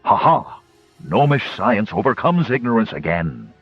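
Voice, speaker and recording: A man's voice: on the low side, very animated, measured pace, husky, no echo, dull audio, faint music behind, exaggerated voice. A man doing a pompous gnome inventor, Bellcrank. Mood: triumphant. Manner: grandiose, wordy, eager. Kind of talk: audiobook character voice.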